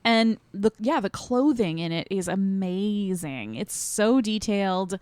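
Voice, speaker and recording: A woman's voice: mid-range voice, a little slow, no room sound. A woman co-hosting a podcast, chatting casually about a film in loose, rambling thoughts with lots of fillers. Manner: relaxed, talks in loose run-on thoughts with many fillers. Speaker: podcast co-host. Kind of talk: casual movie discussion.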